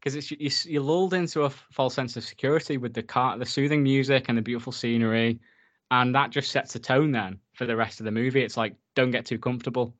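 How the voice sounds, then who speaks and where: A man's voice: medium pitch, steady tone, quick pace, a bit bright, lo-fi sound. A man co-hosting a podcast in casual chat. He swears often and fills his talk with "like.". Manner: chatty, swears often, filler-heavy. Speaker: podcast co-host reviewing a film.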